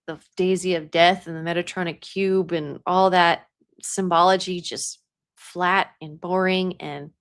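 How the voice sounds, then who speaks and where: Chatty psychic woman, slightly low voice. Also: fairly even intonation, a little slow, smooth. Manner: chatty, laughs often, drops into whispers while telling a story. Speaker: psychic medium. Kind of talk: casual spiritual talk.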